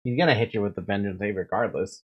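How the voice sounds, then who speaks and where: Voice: low voice, quick pace, husky, dull audio. A streamer chatting casually and playfully while playing a game, laughing often and swearing.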